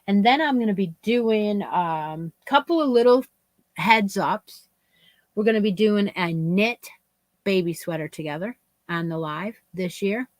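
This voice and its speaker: Upbeat woman co-host for a casual craft stream, mid-pitched voice, dry close recording. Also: no room sound. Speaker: co-host of a crochet and craft livestream. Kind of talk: casual chat.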